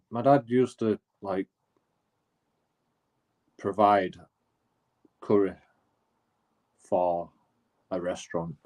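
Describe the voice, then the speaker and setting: A man with a low, darkish voice tells a casual story as a streamer. He rambles and swears, restarting often, throwing in asides and saying "you know" a lot.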